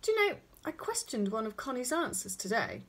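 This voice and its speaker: A woman's voice: fairly high pitch, very animated, a little fast, a bit bright, voice pushed up, full character voice. A woman voicing a fussy, flustered father who talks in an exasperated, exclaiming way.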